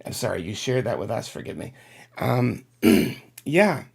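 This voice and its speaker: A man's voice: lowish voice, sing-song, a little slow, vocal fry, husky. A middle-aged man hosting a casual livestream, reading out viewer chat and rambling emotionally to his audience. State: on the verge of tears.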